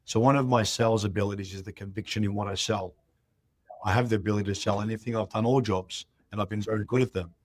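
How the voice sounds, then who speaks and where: A man's voice: on the low side, fast talker, no echo. A man, a real estate chief executive telling stories in an interview and acting out the dialogue in them. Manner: animated, acts out dialogue in stories. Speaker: real estate CEO, guest. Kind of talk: interview storytelling.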